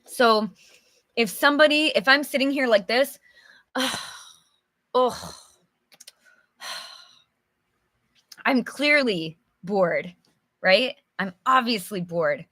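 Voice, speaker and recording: A woman's voice: fairly high pitch, unhurried, sharp tone, dry recording. A woman teaching English from a storybook, chatty and encouraging, answering viewers by name and acting out examples with sighs and groans; her voice is a little worn. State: slightly losing her voice. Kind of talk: live English storybook lesson.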